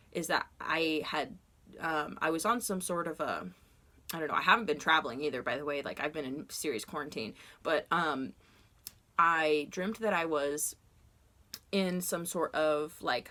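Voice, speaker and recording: A woman recounts a lengthy dream journal entry in a loose, rambling way packed with "like" and "you know." She becomes increasingly animated, and her voice rises loud and high whenever she retells a confrontation.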